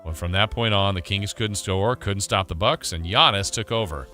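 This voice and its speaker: A man co-hosting sports radio, briskly recapping a game and laughing at sound drops. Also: lowish voice, pushed and bright, soft background music.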